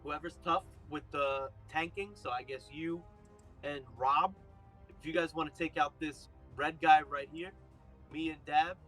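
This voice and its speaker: A man with a bright, somewhat high voice, playing a tabletop game. He lays out tactics casually and unhurriedly, and faint music plays behind him. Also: steady tone, measured pace. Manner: laid-back, planning tactics out loud. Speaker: player.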